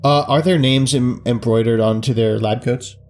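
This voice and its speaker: Middle-pitched male player, relaxed halting in-character banter, quiet music behind. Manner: casual, hesitant, playful in character. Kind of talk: casual tabletop role-play.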